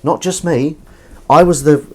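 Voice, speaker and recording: A man's voice: fairly high pitch, fairly even intonation, unhurried. A man chatting casually to a live-stream audience from his home kitchen while washing up, rambling and self-mocking.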